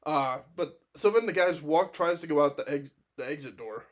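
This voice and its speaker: A man spins a rambling story on a casual podcast, swearing freely and breaking into laughter as he goes. His voice sits a little on the high side for a man. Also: normal speed. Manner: animated, profane anecdote-telling with laughs. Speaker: podcast co-host.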